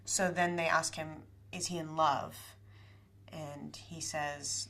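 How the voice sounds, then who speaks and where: A woman's voice: deep voice, level tone, creaky, a bit bright. Chatty young woman retelling a play. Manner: chatty, with frequent fillers and quick paraphrased quotes. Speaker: storyteller.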